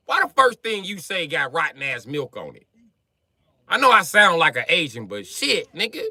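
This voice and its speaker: A man's voice: sits high, very animated, fairly quick, sharp tone, no room sound, studio quality. A man from Wisconsin ranting profanely and mockingly on a livestream. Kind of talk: profane comedic rant on a livestream.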